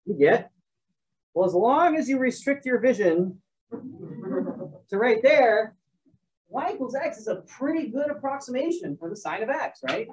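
A man's voice: extremely high pitch, big pitch swings, moderate pace, long pauses, a little mellow. A man teaching a math class in a casual lecture, rambling with joking asides and restarting himself as he works through sums. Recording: dull, distant classroom recording.

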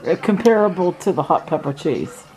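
A woman's voice: lowish voice, lively intonation, normal speed, darkish tone, poor audio. A woman filming a home video, teasing and disbelieving as she asks questions from behind the camera. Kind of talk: casual off-camera commentary.

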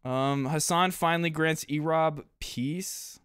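A chatty streamer reacting to clips on a live stream. The voice is smooth and clear, recorded dry and close, and runs on with quick asides to chat. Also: mid-range voice, a bit bright, no room sound. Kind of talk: casual live-stream commentary.

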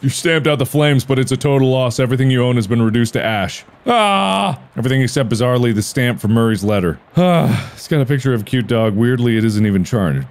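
A man's voice: mid-range voice, lively intonation, fast talker, few pauses, darkish tone. A man hosting a let's-play video, reading game text aloud with playful quips. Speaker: gaming video host. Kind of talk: casual let's-play commentary.

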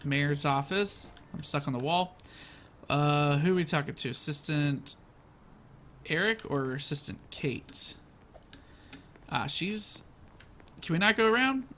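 A man giving casual, excitable commentary as he plays a video game and narrates his own moves. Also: fairly high pitch, a little slow, long pauses, a little hiss or hum. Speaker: gaming channel host.

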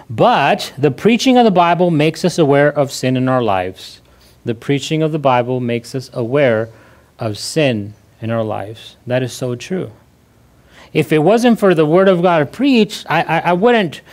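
A male pastor preaching a sermon in a conversational way, repeating key phrases and often restarting his sentences. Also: on the high side. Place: church.

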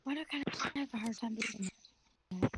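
Woman, sassy, laughs easily, fairly high voice, game voice chat, hissy recording. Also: fairly quick. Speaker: gamer in voice chat. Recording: voice chat with clear background hiss.

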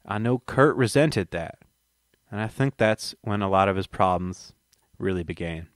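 A man's voice: low voice, animated, moderate pace, no room sound, studio quality, voice pushed down. A man voicing a plainspoken older man with a Texas accent, telling a family story in a blunt, folksy way.

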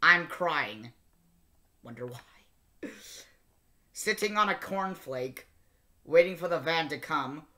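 A man's voice: a little high, sharp tone. A man playing the Twelfth Doctor, a sardonic, grumpy older male alien time traveller, reading and singing lyrics in character with exasperated muttered asides. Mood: weary singing.

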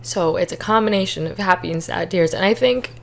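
Young female podcaster, slightly low voice, earnest and teary while recounting her story. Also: fairly quick, vocal fry. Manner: candid, earnest, emotional at times. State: tearful. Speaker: podcast host. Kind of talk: personal testimony, casual.

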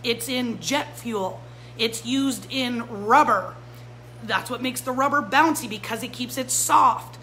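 High bright fired-up woman. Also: slow, slight background noise, poor audio. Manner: fired-up, animated, talks straight to viewers. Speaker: pet store owner. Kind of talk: live-stream product talk. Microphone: phone or camera mic.

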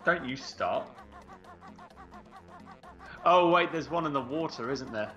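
A British let's play co-host speaks slowly and animatedly with long pauses, his mid-range voice sharp in tone. He banters and hums nonsense tunes during casual gaming commentary, recorded dull and lo-fi with game music.

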